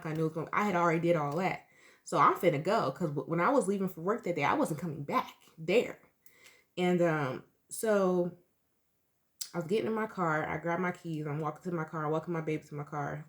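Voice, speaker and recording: A woman in her thirties, a tarot reader talking straight to her viewers in a blunt, emphatic, profane way. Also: on the low side. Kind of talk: candid storytelling to viewers.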